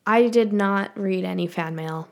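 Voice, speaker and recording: A woman's voice: medium pitch, measured pace, creaky. A woman co-hosting a podcast from her bedroom, chatting casually with dry teasing and frequent laughs. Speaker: podcast co-host. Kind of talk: casual chat.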